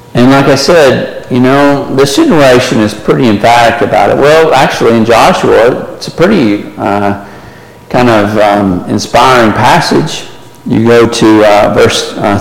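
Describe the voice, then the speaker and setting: A man's voice: mid-range voice, creaky. Male Bible study teacher, chatty and questioning, recorded in a big reverberant hall. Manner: conversational, asks the class questions, frequent "right?". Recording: echoey hall from far off.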